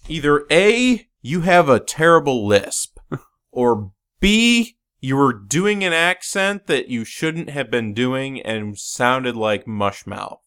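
A man co-hosting a casual movie-review podcast, retelling scenes with animated energy. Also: mid-range voice, slow pace, clean tone. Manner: animated storytelling, acts out quotes. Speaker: podcast co-host.

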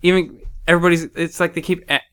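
A man's voice: a little high, level tone, fast, fairly bright tone, clean tone. A man co-hosting a casual movie-review podcast, chatting in an easygoing way. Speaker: podcast co-host.

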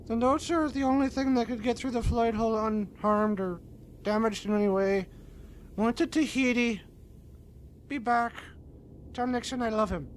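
A flustered crewwoman from a cartoon, voiced by a woman. Her somewhat high voice halts and restarts as she reads something out. Faint noise sits behind her. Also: close to an everyday voice. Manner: halting, stops to restart, reads aloud. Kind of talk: animated comedy acting.

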